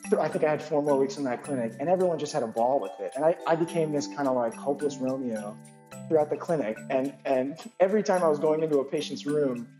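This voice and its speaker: A male physician telling a personal anecdote in an animated, self-deprecating way, full of asides. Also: on the high side, fast talker, music in the background.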